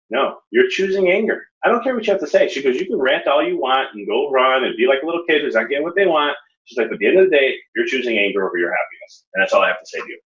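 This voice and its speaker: Earnest low-voiced man in echoey room. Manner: earnest, animated storytelling with rising emphasis. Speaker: podcast host. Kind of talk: reflective spiritual talk. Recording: echoey, slightly dull room recording.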